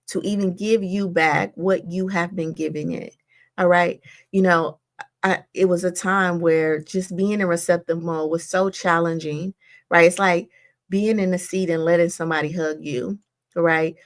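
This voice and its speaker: A middle-aged woman hosts a motivational talk with a gravelly edge in her voice and a mid-range pitch. She coaches her listeners in a conversational, encouraging way and keeps checking in with "right?" and "all right?". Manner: conversational, warm encouraging delivery. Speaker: host.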